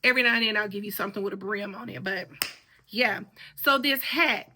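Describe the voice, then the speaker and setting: A woman, hoarse with a worn-out voice, chatting casually to the camera in a rambling way full of asides. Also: medium pitch, brisk, background noise. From Birmingham, Alabama. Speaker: sewing vlogger.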